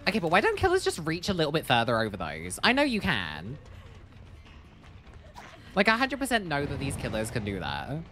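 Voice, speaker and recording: A woman streamer chatting through her gameplay in a playful, joking way, breaking into sing-song noises. Her voice is bright and sharp, and her pitch jumps around a lot. Faint music plays underneath. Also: huge pitch swings, a little fast, pauses often. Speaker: gaming streamer. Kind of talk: casual gameplay commentary.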